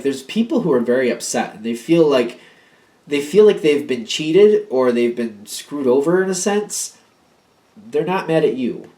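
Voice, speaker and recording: A man of middle pitch talks through a tarot reading in a loose, casual way. He rambles and repeats points for emphasis. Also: darkish tone. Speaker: tarot card reader.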